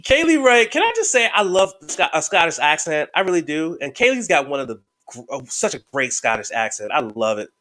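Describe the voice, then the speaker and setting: A man hosting a podcast in casual, excitable chat, swearing freely and joking around. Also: a little high, brisk. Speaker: podcast host.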